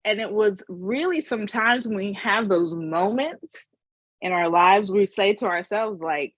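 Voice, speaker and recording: A woman's voice: mid-range voice, unhurried, no echo, highs cut off. A woman giving a casual motivational webinar talk as a money mindset coach, telling her story earnestly and emotionally.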